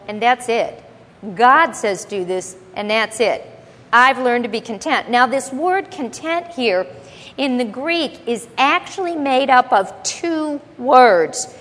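A woman's voice: on the high side, fairly bright tone, long reverb tail. A woman teaching the Bible to a congregation, emphatic and explaining word by word, often asking the audience questions.

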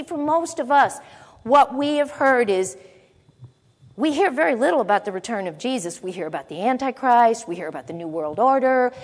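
A woman teaching a sermon, reading Bible verses aloud and explaining them in a conversational way with asides to her listeners. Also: high voice. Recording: long echo of a large hall.

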